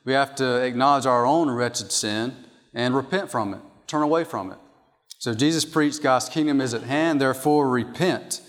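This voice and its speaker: A man's voice: medium pitch, normal speed. Man preaching in a reverberant hall. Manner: emphatic, repeats key points. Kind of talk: sermon teaching from an outline.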